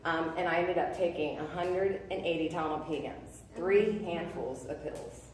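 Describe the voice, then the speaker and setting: A woman in her thirties giving a personal testimony, earnest and halting, full of fillers and restarts. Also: sits low, a little hiss or hum. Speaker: testimony speaker. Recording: echoey room, voice from a distance.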